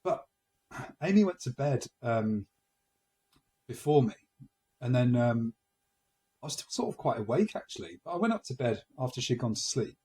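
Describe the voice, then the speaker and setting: A man's voice: mid-range voice, sing-song, normal speed, long pauses, mellow. A man in his forties co-hosting a casual comedy podcast, telling self-mocking stories and often laughing at them. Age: 40s. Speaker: podcast co-host.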